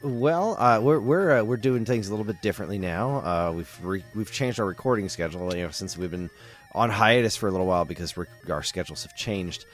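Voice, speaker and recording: A man with a lowish voice hosts a podcast about video game music, talking fairly quickly. His casual chat is full of playful, joking banter.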